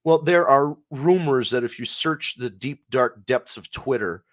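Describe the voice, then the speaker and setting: A man's voice: medium pitch, measured pace. A man co-hosting a wrestling podcast, telling backstage stories in a wry, profane way. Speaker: podcast co-host. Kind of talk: casual wrestling chat.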